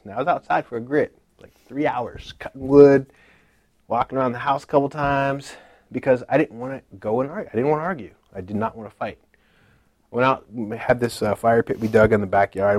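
A man in his thirties giving a personal faith testimony, dropping to a hush and rising loud again, laughing at himself as he tells the story. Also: medium pitch, no echo. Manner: swings from hushed to loud, laughing, self-deprecating storytelling.

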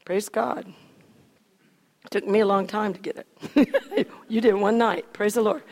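A woman preacher retelling a story in animated sermon style, asking her listeners questions. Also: mid-range voice, unhurried. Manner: animated, acts out scenes, asks the audience questions. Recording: long reverb of a hall.

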